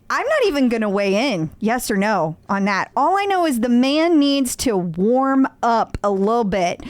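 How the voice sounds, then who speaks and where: A woman co-hosting a podcast in casual chat, animated, laughing often and acting out what others said. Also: a little high, unhurried, few pauses, dry recording. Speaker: podcast co-host.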